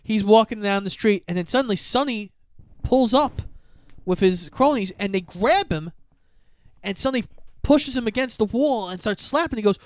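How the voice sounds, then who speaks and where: A man with a fairly high, smooth voice retells a film's plot to his co-host in casual chat. He narrates step by step and drops into character voices for the quoted lines. The sound is dry and close. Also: normal speed, no echo. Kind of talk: casual chat recapping a film.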